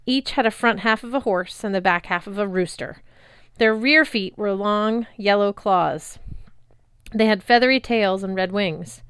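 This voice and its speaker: A woman reading a novel chapter aloud in a lively, expressive narrating voice on a close mic. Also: mid-range voice, unhurried, clear, resonant tone, no echo. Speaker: reader. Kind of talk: audiobook narration.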